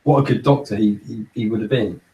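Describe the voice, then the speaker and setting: A man's voice: lowish voice, fast, warm tone. A man chats on a casual podcast and rambles, stumbling over repeated words as he gathers his thoughts. He sits back from the microphone, so his voice sounds distant. The room adds a noticeable echo. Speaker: podcast co-host. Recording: roomy echo, far from mic.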